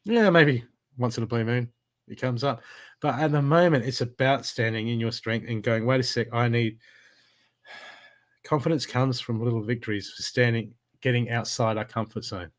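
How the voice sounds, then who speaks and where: A man's voice: medium pitch, steady tone, normal speed. Emphatic man giving a spiritual reading. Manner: emphatic, repetitive coaching talk. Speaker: intuitive card reader.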